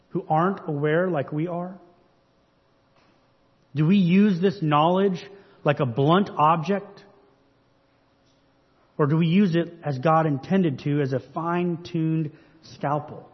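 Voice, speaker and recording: Husky male pastor preaching in a reverberant hall. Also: a little high. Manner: earnest, measured preaching with rhetorical questions. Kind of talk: sermon. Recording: dull recording with long hall reverb.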